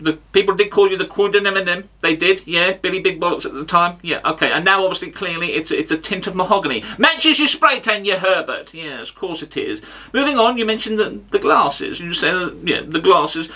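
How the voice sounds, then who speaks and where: A brash, self-important football pundit, put on by a man in a comedy sketch, hurling pompous insults. The voice is high and very sharp. It sits a little away from the microphone. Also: lively intonation, fairly quick, hardly any pauses, distant mic, full character voice. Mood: mocking. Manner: pompous, insult-heavy mock bravado.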